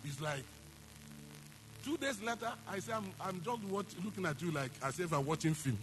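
A man's voice: sits high, expressive, normal speed, music in the background. A man preaching a sermon, emphatic, repeating phrases and asking the congregation questions. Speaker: pastor.

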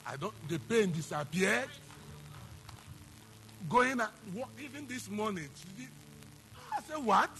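A man's voice: high voice, lively intonation, unhurried, pauses often, sharp tone, a little hiss or hum. A man preaching a sermon, emphatic, repeating phrases and asking the congregation questions. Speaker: pastor.

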